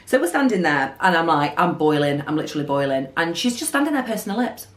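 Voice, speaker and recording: A woman telling an animated storytime vlog. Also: deep voice, fast. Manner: animated storytelling, acting out quotes. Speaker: beauty vlogger. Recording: roomy echo.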